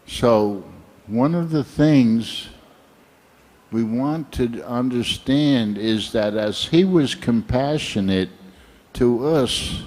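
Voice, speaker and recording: Older male temple speaker, slow, unhurried sermon, reflective storyteller, mid-pitched voice. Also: lively intonation, darkish tone.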